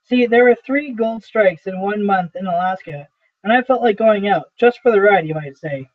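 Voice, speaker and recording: A man's voice: high voice, normal speed, dry recording, lightly acted. A man reading the part of an aging, weary male traveling salesman who pleads and rambles through his stories. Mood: earnest, nostalgic. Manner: earnest, rambling storytelling. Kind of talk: amateur play reading. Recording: tinny phone-like audio.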